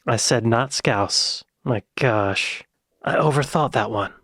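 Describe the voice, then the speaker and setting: A man's voice: medium pitch, slow, dry recording. American man thinking aloud on camera. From United States. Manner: thinks aloud, excitable bursts. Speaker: reaction video host. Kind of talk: casual reaction commentary.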